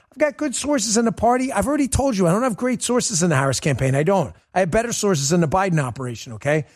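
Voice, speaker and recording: A man hosting a political talk show, delivering a combative, mocking monologue with lots of repetition. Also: high-pitched.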